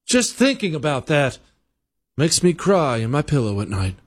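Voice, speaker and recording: A man's voice: very animated, moderate pace, husky. A man putting on a whiny, overly apologetic voice to mock someone. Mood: simpering. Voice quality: high, simpering falsetto.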